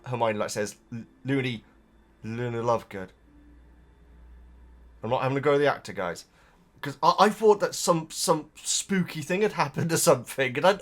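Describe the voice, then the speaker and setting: Rambling man, lively voice. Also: fairly high pitch. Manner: rambling, self-interrupting, laughs often. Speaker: host reading viewer comments. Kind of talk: casual chat to camera.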